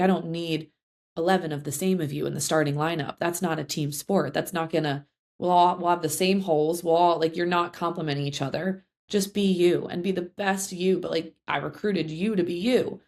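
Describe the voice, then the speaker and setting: A young woman coach talks through her stories in a relaxed interview, her voice sitting a little low. She rambles, full of fillers and false starts. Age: young adult. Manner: chatty, many fillers and restarts. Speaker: head field hockey coach. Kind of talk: casual interview storytelling.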